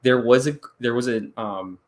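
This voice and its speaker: A man co-hosting a casual sports podcast, telling stories in an animated way and acting out quotes in a high voice. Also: moderate pace. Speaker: podcast co-host.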